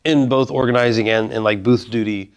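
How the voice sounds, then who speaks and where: A man interviewing a guest in relaxed, casual conversation, with lots of "like" and "you know.". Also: medium pitch, fairly quick, clean tone. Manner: relaxed, filler-heavy, rambling talk.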